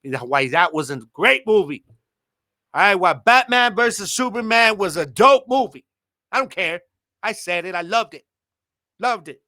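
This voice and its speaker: A man's voice: high voice, expressive, measured pace, bright, forceful tone, no echo, studio quality. A man in his thirties hosting a podcast, talking in laid-back, slangy banter and laughing often. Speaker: podcast host. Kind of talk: casual chat.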